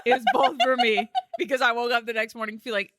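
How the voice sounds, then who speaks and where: A woman's voice: on the high side, level tone, fast, a bit bright, dry recording, clean studio sound. A woman, co-hosting a podcast and telling a story in casual chat, swearing and laughing. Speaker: podcast co-host.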